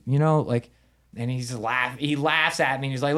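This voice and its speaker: A man in a relaxed podcast chat spins a story with real animation. He slips into the voices of the people he quotes and swears without a second thought. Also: mid-range voice, normal speed. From United States. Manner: animated, acts out quoted dialogue, swears casually. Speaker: podcast guest, Muay Thai fighter. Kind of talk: casual storytelling in conversation.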